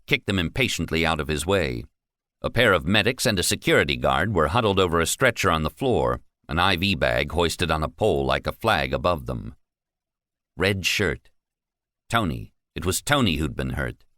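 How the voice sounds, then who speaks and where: Low-voiced man narrating animatedly. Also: animated, moderate pace, sharp tone, no room sound, clean studio sound. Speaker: audiobook narrator. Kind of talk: scripted narration.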